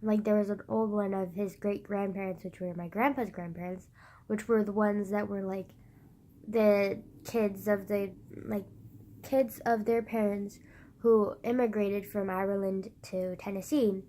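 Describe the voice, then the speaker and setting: A squeaky-voiced woman with a sick, slightly husky edge, talking to her phone's front camera. She rambles loud and giggly in a mid-range voice, swears freely, and mocks herself. Faint hiss sits under her voice. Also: fairly even intonation, measured pace. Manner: loud, giggly, swears a lot, self-mocking. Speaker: vlogger. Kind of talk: rambling casual chat to camera.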